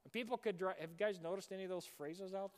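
A man delivering a sermon from the pulpit, his voice sitting high for a man. He preaches with animation and now and then breaks into a shout. The sound carries a long reverb from the church sanctuary. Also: steady tone, fast talker. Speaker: pastor.

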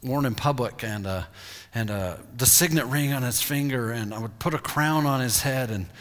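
A man's voice: moderate pace, fairly bright tone, close to an everyday voice. A man voicing a boastful, self-important male royal official inside a sermon, heard in a reverberant hall. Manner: self-important, then shrill outrage.

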